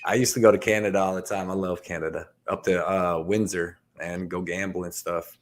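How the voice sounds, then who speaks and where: A laid-back man with a lower voice, co-hosting a betting chat. He talks loosely and keeps dropping in fillers and "man". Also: steady tone, fairly quick. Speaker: co-host. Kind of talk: casual sports betting chat.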